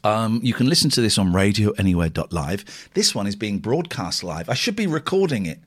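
Animated, rambling man on radio. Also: on the low side, a little fast, husky. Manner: rambling and jokey, swings from excited to muttering. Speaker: radio host. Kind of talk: casual live radio chat.

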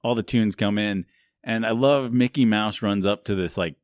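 Recapping a movie on his podcast, a co-host with a fairly low voice talks at a moderate pace, rambling, laughing frequently, and dropping "like" throughout while teasing himself. The sound is studio quality with no room noise.

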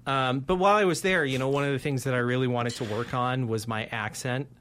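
A man from Colorado co-hosting a podcast, telling self-deprecating stories in a casual, animated way. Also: medium pitch, brisk, a little hiss or hum. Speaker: podcast co-host.

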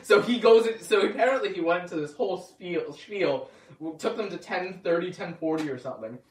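A young man with a high voice tells a lively story in a roomy space, a bit away from the mic. He laughs often and jumps up in pitch when he acts out what people said. It's casual and animated. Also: fairly quick, recorded from a distance, slight background noise. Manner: excited, laughing storyteller who acts out quotes. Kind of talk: casual chat.

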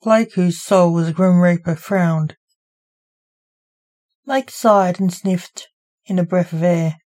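A woman reading her own story aloud as its author, in an even, unhurried storybook narration. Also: lowish voice.

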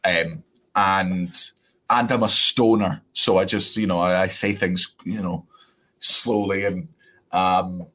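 A man's voice: deep voice, takes it slowly. A man with a Scottish accent, a comedian chatting as a podcast guest, laughing often and swearing freely. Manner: laughing, swearing, lively storytelling. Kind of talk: casual podcast chat.

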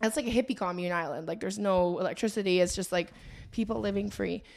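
A woman's voice: mid-range voice, fast talker, vocal fry. A woman comedian co-hosting a casual comedy podcast, telling stories in a giggly, rambling way.

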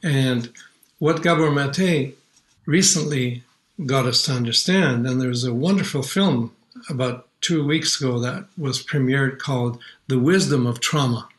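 An older man from Canada, a singer telling stories of his songs in an interview, earnest and unhurried. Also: medium pitch, low-quality recording. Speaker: children's singer and guest. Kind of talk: warm reflective interview talk.

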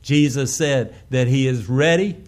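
A male pastor, preaching a sermon with sudden swells in volume and slowed, stressed phrases. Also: medium pitch, a little mellow.

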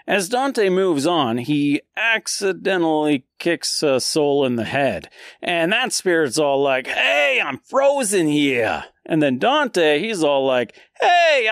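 A man with a fairly high voice hosts a podcast, talking slowly and swinging his pitch up and down. He retells an old poem as a casual joke-filled chat. He slips into silly voices for the characters, and the sound is dry and close. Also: no room sound. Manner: jokey and conversational, with quick silly voices for characters. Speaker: podcast host.

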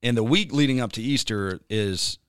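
A male worship pastor chats casually, rambling along with lots of filler words and breaking into little bits of song. His voice is mid-range and fairly bright, smooth, and delivered at a normal pace. The recording is dry and studio quality.

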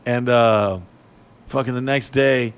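A man's voice: medium pitch, slow pace, clean tone. A man on a podcast telling a long, crude, rambling story in casual chat, cursing often. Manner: profane, animated, rambling. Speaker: podcast co-host.

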